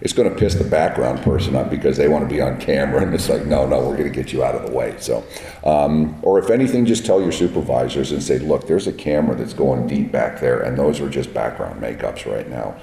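A man with a very deep, dark, raspy voice tells blunt stories from film sets. He is recorded in an echoey hall with a long reverb tail. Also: a little fast. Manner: plain-spoken, blunt, tells set stories. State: raspy from smoke on set. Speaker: guest, film makeup artist. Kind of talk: casual interview chat. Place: large echoey room at a trade event.

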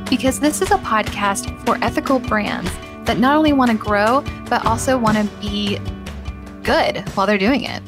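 A woman's voice: on the high side, moderate pace, music in the background. A woman hosting a marketing podcast in a chatty, upbeat way, laughing often. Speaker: podcast host. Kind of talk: casual podcast chat.

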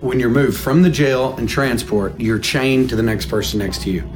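A man's voice: mid-range voice, moderate pace. A young man, telling his own story in a casual, plainspoken way full of fillers. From East Texas. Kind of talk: personal story told to a radio show. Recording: music playing under the voice.

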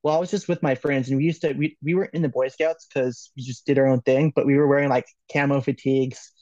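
A man's voice: medium pitch, fairly even intonation, quick pace, mellow, dry recording, lo-fi sound. Joking, laughing man telling a story. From Los Angeles, California. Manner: laughs often, loose and joking, swears, many "like"s. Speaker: podcast guest. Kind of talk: casual storytelling.

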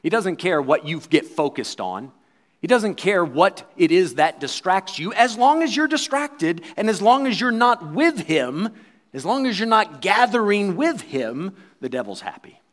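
Guy preaching a sermon, kinda high voice, gets loud then drops real quiet, does little voices for people he quotes. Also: very animated, unhurried. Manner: dramatic preaching that swings between loud and quiet; acts out quoted voices and crowd replies.

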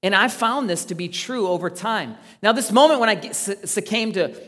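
A man preaching a sermon, earnest, swinging between loud emphasis and quiet asides. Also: high voice, lively intonation, normal speed, big-room sound. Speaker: pastor.

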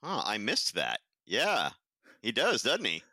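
Man, podcast co-host, wry laughing asides, sharp bright tone, dry room. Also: lowish voice, slow, no room sound. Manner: wry, laughing asides, animated ironic jabs. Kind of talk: casual comic-book discussion.

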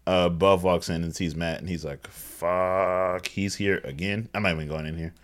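A man co-hosting a casual movie recap, narrating the plot in a dry, halting way with hesitant restarts. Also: deep voice, steady tone. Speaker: podcast co-host.

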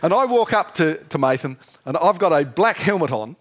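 A man preaching a sermon, lively and jokey, often asking the congregation questions. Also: a little high, moderate pace. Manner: lively, asks the audience questions, jokey asides.

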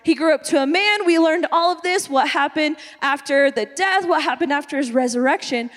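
A young woman pastor preaching a comedic, self-mocking sermon, animated and full of quick asides. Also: sits high. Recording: long hall reverb.

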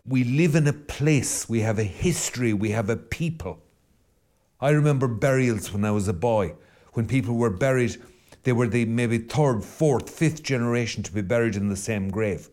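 A man's voice: medium pitch, normal speed, a little mellow. A middle-aged Irish man, a Catholic priest hosting his podcast, speaking earnestly and rhetorically, piling up questions as he reflects. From Ireland. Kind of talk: reflective spoken commentary.

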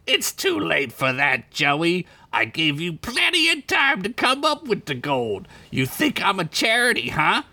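Tiny crime boss creature voiced by a man, high-pitched, sneering, taunting, very lively pitch. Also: measured pace, few pauses, heavily acted. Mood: mocking. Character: tiny mocking male crime boss with paws.

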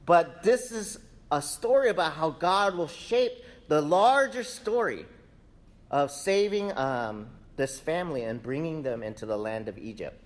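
A man giving a casual sermon, retelling a scripture story with lively, acted-out dialogue. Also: on the high side, a little slow. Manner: animated storytelling, acts out quoted characters.

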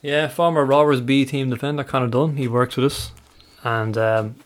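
Male co-host, mid-pitched, chatty, brings facts and teasing jabs. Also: steady tone, moderate pace. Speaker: podcast co-host. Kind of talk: casual football banter.

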